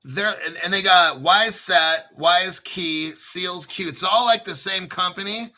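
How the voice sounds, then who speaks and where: A man hosting a casual crypto show, rambling, clearing his throat often and swearing offhandedly. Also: high-pitched, measured pace, sharp tone. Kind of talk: casual commentary to camera.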